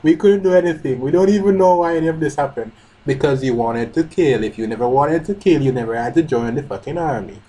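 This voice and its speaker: Guy reading manga out loud live, husky kinda dark voice, stops to comment and swear a lot. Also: medium pitch, low-quality recording. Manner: reads panels aloud, breaks off to comment, swears and shouts in outrage. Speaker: manga reaction host.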